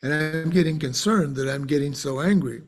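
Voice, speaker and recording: A man who is a podcast guest and author, telling a personal story in an earnest, animated way with frequent restarts. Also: on the high side, moderate pace.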